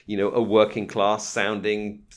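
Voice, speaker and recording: An English man co-hosting a podcast in casual chat, lively and laughing, slipping into quick impressions. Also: fairly low pitch. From England. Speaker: podcast co-host.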